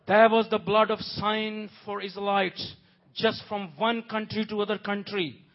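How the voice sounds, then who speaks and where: A man preaching a sermon with passion, swinging from soft, quiet passages to loud, pleading cries. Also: high-pitched, flat delivery, measured pace. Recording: dull lo-fi audio.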